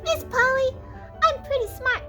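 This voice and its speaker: A woman puts on a tiny, piping voice for a cheerful little girl puppet, sure of how clever she is. The voice sits extremely high and chirps along with confidence, with faint music behind. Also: a little slow, pushed and bright, heavily acted. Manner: chirpy and self-assured.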